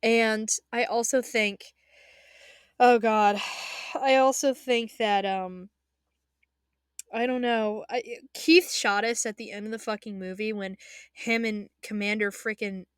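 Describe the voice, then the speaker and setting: A woman's voice: fairly high pitch, takes it slowly, clean tone, no room sound, clean studio sound. A young woman ranting in a casual vlog as an anime fan, rambling and emotional, with frequent restarts and swearing. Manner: excitable, emotional. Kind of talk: casual spoken rant.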